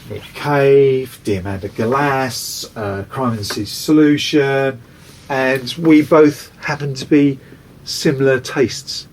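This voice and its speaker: A man's voice: mid-range voice, steady tone, takes it slowly, slight background noise. A man, a record producer, casually telling anecdotes in an interview and acting out other people's voices.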